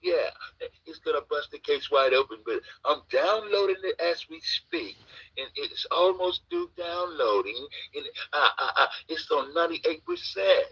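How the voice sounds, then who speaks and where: A man mocking a boastful man who brags about secret footage, in a drawn-out, teasing delivery. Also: fairly high pitch, lively intonation, pushed and bright, slightly rough, no room sound, full character voice, poor audio.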